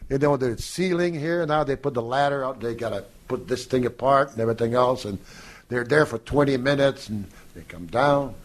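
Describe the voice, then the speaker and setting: An older man recounting old workplace stories as a podcast guest. He talks in an animated way, jumping into the voices of the people he quotes and breaking into laughter. His pitch sits in the middle range for a man. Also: normal speed. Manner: animated storyteller who acts out quoted lines and laughs often. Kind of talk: casual storytelling in an interview.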